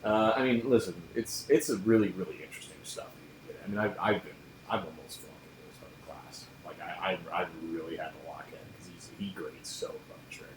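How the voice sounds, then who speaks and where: A man's voice: low voice, brisk, noisy background, natural voice. A man voicing a lanky young male student who talks casually and confidingly, in an echoey room.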